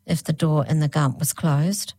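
A woman voicing a strong-willed young hag girl who asks blunt questions in a raised, brisk voice. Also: sits low, steady tone, mellow, dry recording. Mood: curious.

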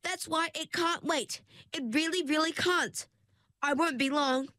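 A young mermaid, nervous and pleading, whose voice rides high above a plain reading voice, acted by a woman. The sound is dry and close. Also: a little slow, sharp tone, no room sound. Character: anxious young mermaid girl, pleading and flustered. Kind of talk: storybook narration.

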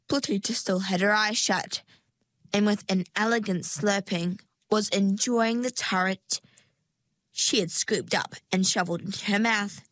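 A woman narrating a storybook in a measured, scripted reading. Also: mid-range voice, a bit bright, no room sound.

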